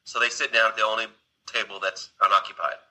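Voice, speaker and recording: A man's voice: lowish voice, steady tone, fast talker, pushed and bright, rough recording. A man casually retelling a film scene, rambling along with restarts and asides to his listener. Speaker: storyteller.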